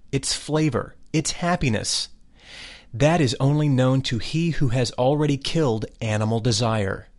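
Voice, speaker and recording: Solemn man reading a spiritual text. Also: mid-range voice.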